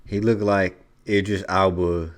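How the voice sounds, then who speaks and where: Low-voiced dude doing a chill slangy reaction, kinda wry about it. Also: male voice, flat delivery, unhurried. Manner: slangy, laid-back, wry. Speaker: reaction video host. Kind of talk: casual reaction commentary.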